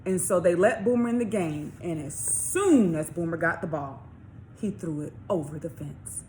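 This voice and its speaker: Woman author reading a kids book out loud, expressive, asking little questions, slight faint noise behind. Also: fairly low pitch. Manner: expressive, slow emphasis with questions to young listeners. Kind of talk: storybook read-along for children.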